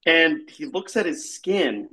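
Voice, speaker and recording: Slow-talking man spinning a rambling comic tale. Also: fairly high pitch, sing-song, sharp tone, husky. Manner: rambling, halting, full of "like". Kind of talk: comic storytelling.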